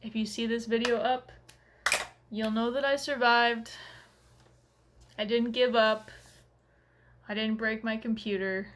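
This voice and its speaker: Casting: woman, beauty vlogger, loose rambling chat, voice a touch high. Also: a little slow, pauses often, fairly bright tone. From Canada. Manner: chatty, rambling, filler-heavy. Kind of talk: casual makeup review.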